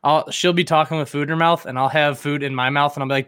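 Dad podcast host guy, rambly and jokey, smooth voice, dead dry sound. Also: a little high, quick pace, a bit bright, dry recording. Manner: chatty, filler-heavy, self-mocking. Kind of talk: casual podcast chat.

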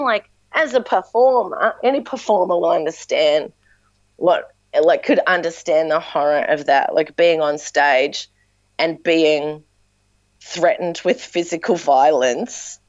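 Lively Australian woman telling stories. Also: lowish voice, a little slow, dry recording, lo-fi sound. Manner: animated storyteller, acts out quotes. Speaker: dance teacher and performer. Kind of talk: casual podcast chat.

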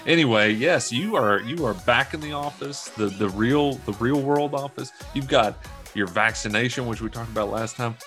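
A man's voice: medium pitch, moderate pace, a bit bright, faint music behind. A young man co-hosting a casual podcast, joking around and slipping into mock-serious asides. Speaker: podcast co-host. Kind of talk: casual chat.

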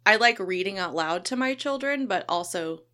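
An American woman in her thirties telling an animated story in casual chat, laughing often. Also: mid-range voice, moderate pace.

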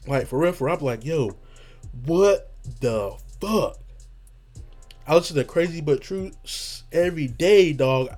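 A man's voice: a little high, fairly quick, hardly any pauses, darkish tone, soft background music. A young man hosting a podcast in casual chat, rambling in slang, swearing freely and trailing off as he hunts for words. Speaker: podcast host.

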